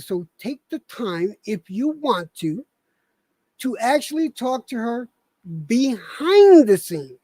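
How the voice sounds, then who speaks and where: A woman streamer who speaks slowly and deliberately, pleading for people to work things out privately. Her voice sits a little high and sounds dry and close to the mic. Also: darkish tone, no room sound. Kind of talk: casual on-stream talk.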